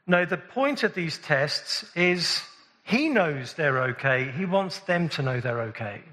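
Male preacher, slightly high bright voice, casual sermon delivery with restarts, church reverb. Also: animated, measured pace. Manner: conversational, warm-humored, with frequent restarts. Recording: long hall reverb.

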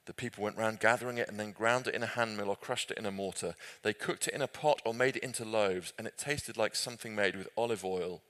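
A British man leading group Bible study teaching speaks fast in a low voice, with few pauses. He is easygoing and chatty, gently humorous, often restarting and correcting his sentences.

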